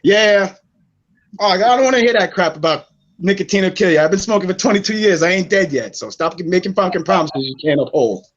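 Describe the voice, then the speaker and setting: Brief Guest: man from New York, thirties, a bit high-voiced, rambling and profane, dull lo-fi call audio. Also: lively intonation, a little fast. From New York City. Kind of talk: casual online chat.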